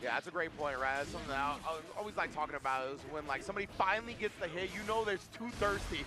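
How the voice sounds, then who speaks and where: A man's voice: on the high side, racing. A man casting a fighting game tournament, calling the action and joking with his co-caster. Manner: excitable, hype-driven, joking with co-caster. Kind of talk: esports play-by-play commentary.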